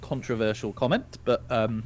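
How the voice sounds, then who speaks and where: A man's voice: mid-range voice, moderate pace. A man from northern England with a standard southern English accent, chatting casually as a podcast co-host and laughing often. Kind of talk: casual chat.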